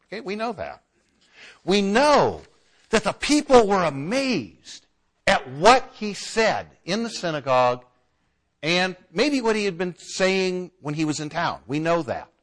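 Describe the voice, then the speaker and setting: A man's voice: high voice, very animated, a little slow. A man preaching a conversational sermon and now and then acting out the voices of townspeople.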